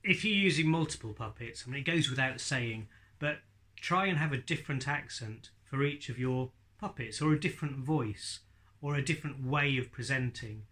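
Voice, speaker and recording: A man's voice: mid-range voice, normal speed, bright, forceful tone. A man teaching ventriloquism in a chatty, light-hearted way. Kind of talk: instructional talk to camera.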